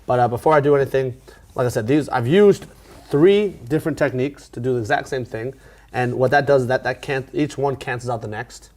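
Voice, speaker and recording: Teaching a card trick casually, this man speaks at a medium pitch and a fairly quick pace, staying relaxed and often using fillers and starting his sentences over.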